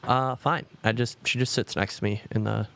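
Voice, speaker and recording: A man's voice: lowish voice, fairly even intonation, moderate pace, creaky, a bit bright, a little hiss or hum. A man co-hosting a podcast in casual chat, telling rambling stories, swearing often and acting out quotes. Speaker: podcast co-host.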